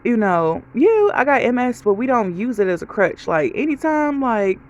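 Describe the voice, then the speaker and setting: A woman's voice: a little high, big pitch swings, moderate pace, highs cut off. A woman vlogger giving a casual life update, telling stories straight to her viewers. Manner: chatty storytelling, talks straight to viewers.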